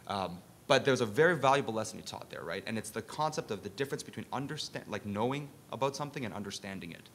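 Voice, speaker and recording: A man's voice: expressive, quick pace, few pauses, a bit bright. A man speaking on a conference panel, making his points with emphatic rhetorical questions. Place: conference session room. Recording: faint background rumble.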